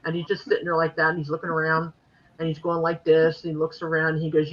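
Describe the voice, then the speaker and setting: A woman in her sixties co-hosting a podcast, telling stories in an animated way and laughing often. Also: low-pitched, fast. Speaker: co-host. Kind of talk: storytelling podcast chat. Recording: dull lo-fi recording.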